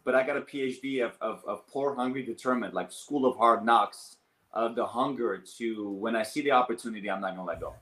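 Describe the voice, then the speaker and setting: Fast-talking man telling stories in a roomy space. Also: mid-range voice. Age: 30s. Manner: animated, rambling storyteller with many fillers. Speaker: guest, business owner and coach. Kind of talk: casual storytelling interview. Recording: roomy echo.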